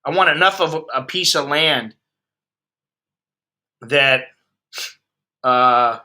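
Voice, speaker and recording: He takes his time, speaking in a mid-range voice with a bright, forceful tone. The speaker is an expat vlogger from the United States in his fifties, ranting bluntly and profanely as he chats with livestream viewers.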